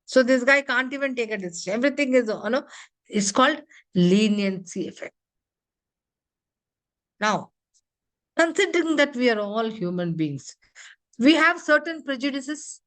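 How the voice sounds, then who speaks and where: A woman, a corporate trainer giving an interactive classroom lecture. She quizzes her class with quick questions and leans on "you know" and "huh?". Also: on the high side, lively intonation, a bit bright.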